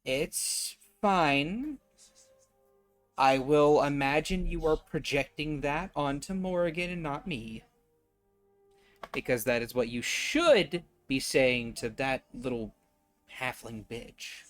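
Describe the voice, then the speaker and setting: Man, role-play player, high-ish voice, animated and profane, music faint behind. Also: slow. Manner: animated, laughing, swears freely. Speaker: tabletop player.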